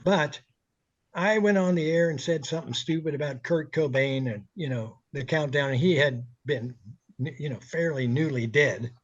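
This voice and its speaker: A man, a radio DJ, spins animated, profane anecdotes, his fairly high voice bouncing through the stories. The audio sounds slightly muffled and lo-fi. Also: moderate pace. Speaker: radio DJ guest. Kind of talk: casual storytelling.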